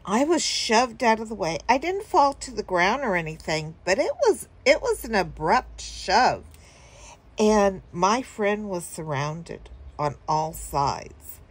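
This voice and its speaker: A woman's voice: medium pitch, big pitch swings, takes it slowly, husky. A woman telling a story casually to her viewers, rambling with fillers and chuckling now and then. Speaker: vlogger.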